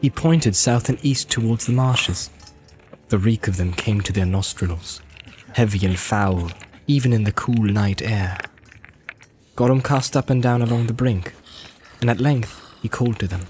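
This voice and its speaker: A man's voice: fairly low pitch, soft background music. Man reading a fantasy story aloud. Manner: even, measured storytelling. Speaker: audiobook narrator. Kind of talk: scripted narration.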